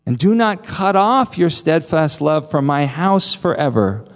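A man's voice: fairly high pitch, expressive, slow pace, darkish tone, faint music behind. A male preacher voicing a loyal young prince who solemnly pledges and pleads for devotion. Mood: earnest. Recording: long reverb of a large hall.

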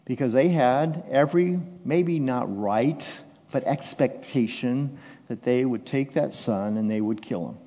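A male pastor delivers a sermon at a slow, deliberate pace, dropping to hushed, intimate lines before rising into loud, impassioned declarations. His voice carries a long hall reverb, heard through a dull, muffled recording. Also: medium pitch.

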